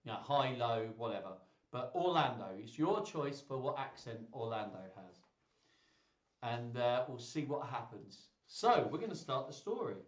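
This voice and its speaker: A man's voice: mid-range voice, big pitch swings, moderate pace. A man hosting a live stream, reading a children's story aloud with playful, chatty asides to his viewers. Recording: roomy echo.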